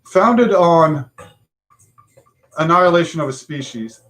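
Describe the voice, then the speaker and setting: Frustrated blunt man, casual rant, fairly high voice, faint music behind. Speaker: livestream talk show host. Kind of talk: casual ranting talk.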